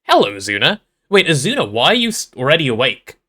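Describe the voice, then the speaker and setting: Male game streamer, casual and playful, bright tone with a bouncy, swinging pitch, reads chat aloud. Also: huge pitch swings, a little fast, slightly rough. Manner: playful, greets and answers chat aloud with repeated words.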